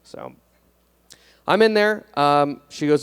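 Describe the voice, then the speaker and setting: A young man doing a stand-up comedy set on a club stage, deadpan and self-deprecating, hesitant with fillers. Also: a little high, moderate pace, clear, resonant tone.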